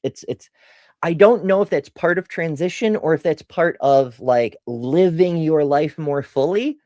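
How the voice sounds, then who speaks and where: A woman's voice: low-pitched, a little slow, dark tone, dry recording, studio quality. A middle-aged woman streaming a casual question-and-answer session, rambling off on tangents and laughing at herself. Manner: rambling and tangential, self-deprecating; chatty with frequent laughs and restarts. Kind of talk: casual livestream Q&A.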